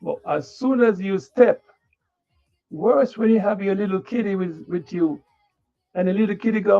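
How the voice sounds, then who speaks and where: His voice sits high and mellow, moving at a moderate pace. In a livestream monologue he rants bluntly, swearing without a filter and moralizing like a preacher, over a dull lo-fi recording with faint music.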